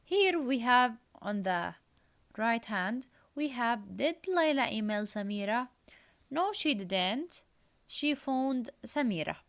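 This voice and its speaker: A woman walks pupils through an English lesson in a slightly high voice. She reads each exercise aloud and repeats the important phrases. She switches into her to explain the grammar. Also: animated, slow, fairly bright tone. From Jordan. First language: Arabic. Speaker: English teacher. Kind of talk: recorded classroom lesson.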